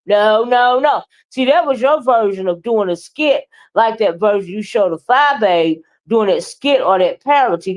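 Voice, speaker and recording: Woman, sassy, expressive, drawling, casual livestream talk. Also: mid-range voice, rough recording. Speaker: livestream commentator.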